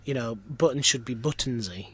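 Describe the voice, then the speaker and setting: In a laid-back interview on a podcast, this Lancashire man, who works in pantomime, spins self-mocking stories and keeps restarting his sentences. He has a husky, mid-range voice and speaks at a moderate pace.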